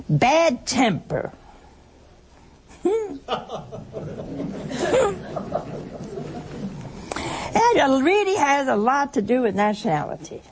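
A woman's voice: mid-range voice, slight background noise. An older woman giving a chatty, conversational sermon to a broadcast audience, telling stories and asking her listeners rhetorical questions. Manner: chatty storytelling, asks the audience rhetorical questions, laughs often. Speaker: religious speaker addressing a broadcast audience.

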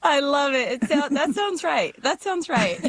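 A woman's voice: high voice, expressive, a little slow, no echo. A woman hosting an interview, encouraging her guest with short affirmations. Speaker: host.

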